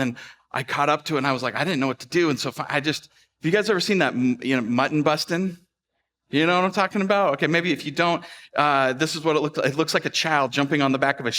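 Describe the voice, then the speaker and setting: Bright-voiced man telling a sermon story. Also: medium pitch. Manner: animated storyteller, quick bursts and hushed asides. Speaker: pastor. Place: church sanctuary.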